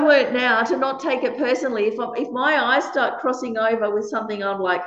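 Lively woman leading a workshop. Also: fairly high pitch, moderate pace, few pauses. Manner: lively, laughs often, acts out quoted lines. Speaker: workshop leader. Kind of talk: talk to a small group. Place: meditation centre room. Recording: echoey room, dull lo-fi sound.

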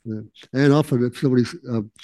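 Aussie guy, laid-back teaching chat, mellow darkish voice, dry close sound. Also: mid-range voice, quick pace, no room sound, rough recording. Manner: relaxed, laughing asides, acts out quotes. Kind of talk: casual teaching talk.

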